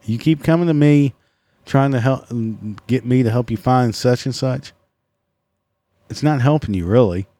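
A man's voice: medium pitch, normal speed, dark tone, no room sound. A man hosting a casual solo podcast, swearing freely, sarcastic and mocking himself. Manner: profane, sarcastic, self-mocking. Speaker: podcast host.

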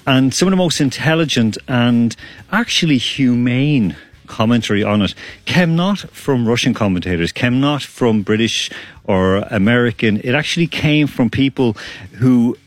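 A man's voice: medium pitch, no room sound. A man from Ireland, co-hosting a sports radio show in a rambling, laughing, casual way. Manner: rambling, laughs often, talks fast. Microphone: studio microphone.

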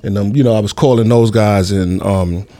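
A man's voice: on the low side, fairly even intonation, moderate pace, dark tone, no echo. A middle-aged man from New City, telling stories in a casual interview, rambling and leaning on fillers. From New York City. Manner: laid-back, rambling, many fillers. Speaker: guest.

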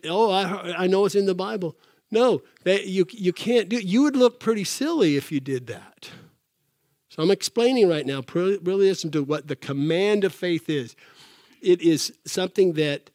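A man preaching a sermon, telling stories and acting out quotes with sudden bursts of shouting. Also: fairly high pitch, no room sound, studio quality. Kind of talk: sermon storytelling.

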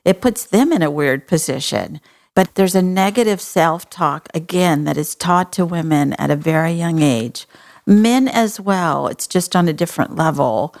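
A woman's voice: fairly low pitch, lively intonation, normal speed, gravelly, a little mellow. A woman from Texas with a Texan accent, hosting a podcast in a folksy, earnest and compassionate way. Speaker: podcast host. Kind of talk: casual interview chat.

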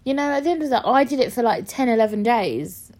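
A young woman hosts a casual podcast chat. Her voice sits a little high and swings widely in pitch. She talks bluntly and swears freely. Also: fast. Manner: blunt, swears a lot, animated. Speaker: podcast host.

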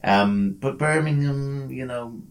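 A man's voice: mid-range voice, takes it slowly. A man co-hosting a podcast in casual, rambling banter, joking and swearing freely. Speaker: podcast co-host. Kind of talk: casual banter over drinks.

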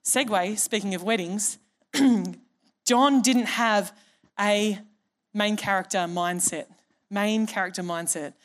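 A woman's voice: medium pitch, slow pace. A middle-aged woman pastor, preaching a conversational, humorous sermon and acting out the people in her stories. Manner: conversational and humorous, acts out quoted voices.

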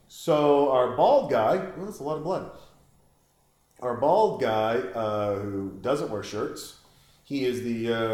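A man giving rambling, crude, joking commentary while watching a film, with sudden high-pitched exclamations. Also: a little mellow, echoey room. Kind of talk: casual watch-along commentary.

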